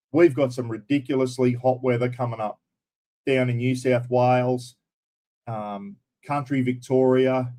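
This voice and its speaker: A man's voice: mid-range voice, mellow. A man with an Australian accent hosting a casual live stream, chatting bluntly with viewers and swearing a little. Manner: blunt and chatty, mild swearing, addresses viewers as everyone and mate.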